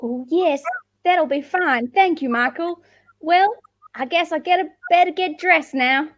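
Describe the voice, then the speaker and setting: A woman playing a genteel old lady, very high. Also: a little slow, no room sound, highs cut off. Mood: gracious. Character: gracious elderly lady.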